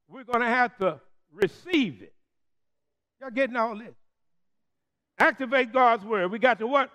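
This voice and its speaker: A Methodist preacher with a very high-pitched, fairly bright voice leads a call-and-response sermon. He speaks slowly, stretching out the key words and leaving pauses for the congregation to respond.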